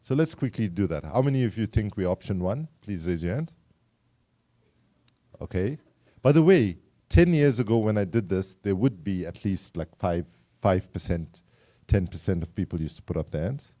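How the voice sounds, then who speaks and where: A man's voice: low-pitched, lively intonation, normal speed, dark tone. A man from South Africa with a South African accent, giving a public talk to a live audience in a wry, engaging way and polling the crowd with questions. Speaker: climate activist speaker.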